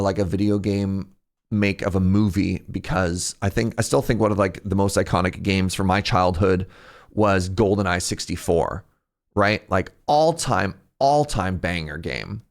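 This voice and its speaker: A young man chatting casually on a live stream, rambling and jumping in pitch when something excites him. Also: vocal fry. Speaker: streamer reacting to a game showcase.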